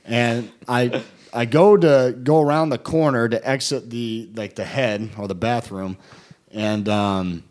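A man's voice: medium pitch, fairly even intonation, a little slow, a little mellow. Laughing young man spinning boot camp stories. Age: young adult. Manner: laughing, rambling with fillers. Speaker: guest recounting boot camp. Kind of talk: casual storytelling chat.

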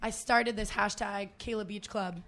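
A woman's voice: medium pitch, fairly even intonation, normal speed, creaky, a bit bright. A woman guesting on a podcast, telling a story in casual chat, swearing freely and laughing along.

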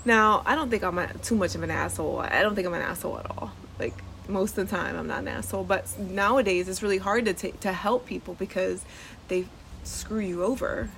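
A woman's voice: mid-range voice, fairly quick, creaky, fairly bright tone, a little hiss or hum, poor audio. A woman podcast host and nurse telling a story in a casual, chatty way, full of "like" and "um," recorded outdoors on a front porch. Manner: chatty, with frequent "like" and "um" and laughter.

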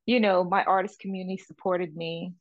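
A woman's voice: fairly low pitch, a little fast, no room sound, phone-quality sound. A woman from the Caribbean with a Caribbean accent, French her first language, talking emphatically as an interview guest. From French Saint Martin, Caribbean. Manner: animated, emphatic, frequent "you know". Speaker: interview guest, artist and caterer. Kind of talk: casual interview talk.

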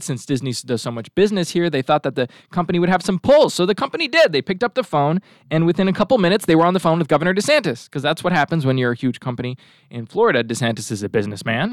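A man's voice: mid-range voice, no room sound, studio quality. A male talk show host giving a rambling, sarcastic commentary monologue and throwing asides to his crew. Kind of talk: casual political commentary monologue.

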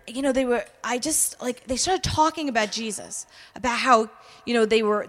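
A high-voiced woman from New York tells her personal story as testimony. She's animated, acting out quoted voices and dropping frequent "all right?" asides.

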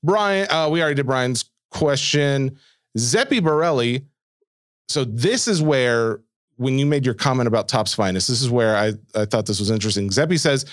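A man's voice: mid-range voice, normal speed, no room sound. Chill guy cohosting a podcast, reading mailbag questions, mid voice, dry close mic. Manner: reads listener mail aloud, relaxed with fillers. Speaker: podcast co-host. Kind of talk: casual chat.

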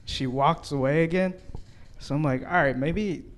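A man's voice: on the high side, normal speed. Laid-back man doing stand-up. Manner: loose, conversational, laughs often at his own jokes. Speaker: stand-up comedian. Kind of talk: stand-up comedy set.

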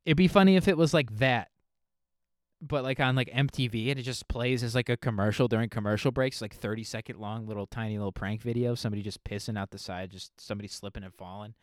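A man's voice: medium pitch, quick pace, no room sound. Guy rambling on his solo podcast, swears a lot, lots of like and you know, dry close mic. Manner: rambling, profane, filler-heavy. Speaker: podcast host. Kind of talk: casual solo podcast monologue.

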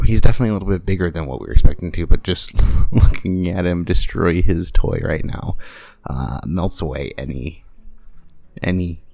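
A man's voice: gravelly, dark tone. A man hosting a podcast, talking casually and rambling with many fillers, recorded at home on a handheld microphone with uneven audio. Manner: rambling, frequent fillers and restarts; talks in a high cooing baby voice to his dog. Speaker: podcast host. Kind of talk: casual monologue. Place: at home with his dog.

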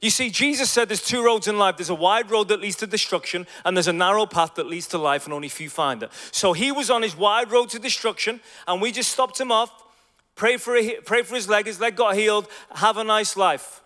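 Preacher guy, 40s, high voice, big echoey hall, goes quiet then loud. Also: a little fast. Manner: animated, swings from hushed asides to loud exclamations. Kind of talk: storytelling sermon.

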